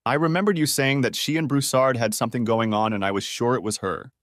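A man's voice: mid-range voice, fairly even intonation, fast, dry recording, clean studio sound, lightly acted. A man voicing a betrayed husband who accuses his wife with bitter, hurt questions, in an audiobook. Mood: cold. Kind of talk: audiobook character voice.

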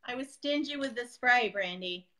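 A woman in her thirties talks through a painting demo as a guest, chatty and quick to joke. Her voice sits high and sounds bright and forward. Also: lively intonation, low-quality recording. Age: 30s. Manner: joking, chatty storyteller. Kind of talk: casual live demo chat.

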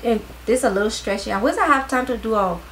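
A tired woman vlogger chatting casually to her viewers during a clothing haul, excitable, with her voice starting to crack. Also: on the high side, quick pace, slight background noise, poor audio. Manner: excitable, talks straight to viewers.

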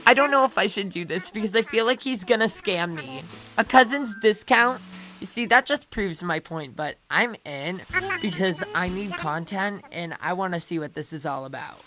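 A young woman chats her way through a cozy video game, dramatic and playful, tossing out quick asides. Her voice sits a little low, with faint game music behind her. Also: expressive. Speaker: gaming channel host. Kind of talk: casual gameplay commentary.

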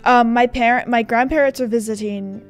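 A woman's voice: on the high side, steady tone, normal speed, faint music behind. A young woman with an Australian accent, chatting casually and self-deprecatingly over a game video from her room at home, with lots of fillers. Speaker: gaming YouTuber. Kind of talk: casual gaming vlog chat.

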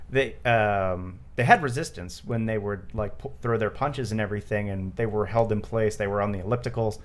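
A man hosting a casual movie commentary podcast, rambling with lots of fillers and frequent laughs. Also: on the low side. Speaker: podcast host.

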